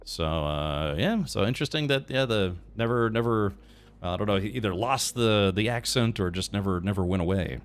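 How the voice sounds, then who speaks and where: A man with a somewhat low voice chats casually while streaming a game. He rambles and thinks aloud, stopping and restarting his sentences. Now and then he reads chat messages and quest text aloud. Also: expressive, moderate pace. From United States.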